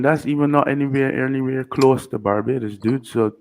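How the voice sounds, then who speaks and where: A man's voice: mid-range voice, fairly quick, vocal fry. A man arguing indignantly and lecturing the others in a heated casual argument. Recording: echoey room with faint noise.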